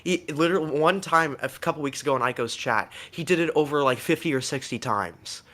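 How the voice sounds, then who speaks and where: A man's voice: a little high, fairly bright tone. A man telling a long rambling story on a voice chat, tumbling over fillers and restarts and swearing freely. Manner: rapid rant, full of fillers and restarts, swearing. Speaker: guest on a stream call.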